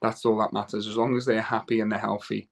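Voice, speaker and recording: A man's voice: fairly low pitch, level tone, quick pace, vocal fry. A man speaking as a guest father on a talk show, earnest and rambling, with many restarts and self-corrections. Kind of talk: casual talk-show chat.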